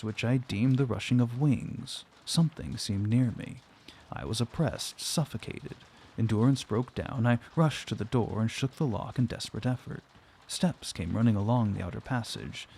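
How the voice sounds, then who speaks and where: A man narrating a classic novel aloud in a steady, measured reading. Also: medium pitch, gravelly, a little hiss or hum. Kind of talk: audiobook narration.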